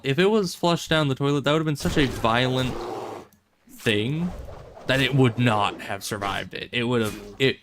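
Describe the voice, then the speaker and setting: A man's voice: mid-range voice, slight background noise. A man streaming a game, chatting casually with rambling, wry asides and frequent self-corrections. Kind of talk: casual gameplay commentary.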